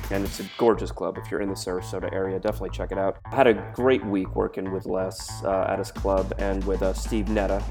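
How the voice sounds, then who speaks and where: Upbeat male comic host, rambling and jokey, low voice over music. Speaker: podcast host and comedian. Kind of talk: casual podcast intro and chat.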